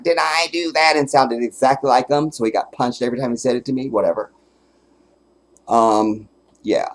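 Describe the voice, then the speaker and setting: A fairly low-pitched man hosts a casual livestream by himself, recounting stories with cursing and lively energy. He frequently cracks up laughing and sometimes makes emphatic statements.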